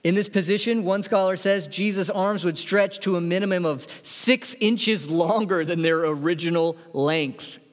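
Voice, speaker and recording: A man preaches a sermon in an emphatic voice, reading scripture aloud. His voice sits a little high for a man. It rings out with long reverb, as in a large hall. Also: normal speed, hardly any pauses. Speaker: pastor.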